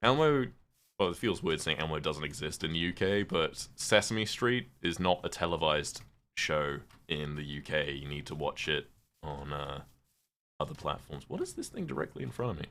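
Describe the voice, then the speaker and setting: Streamer, male, very low voice, loose and chatty, casual swearing. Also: big pitch swings, moderate pace, a bit bright. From United Kingdom. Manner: chatty, answers viewers' questions, swears casually. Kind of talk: casual live-stream chat while gaming.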